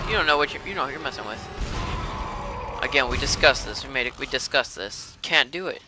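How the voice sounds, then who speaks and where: Profane excitable gamer yelling at monsters. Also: male voice, medium pitch, brisk. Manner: profane, excitable, shouts at enemies. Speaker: gamer playing a horror game. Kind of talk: let's play commentary. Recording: game sound and noise behind.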